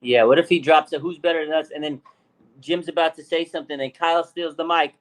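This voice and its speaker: A man co-hosting a casual sports stream, reacting with laughter and animated banter. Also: a little high, quick pace. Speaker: co-host.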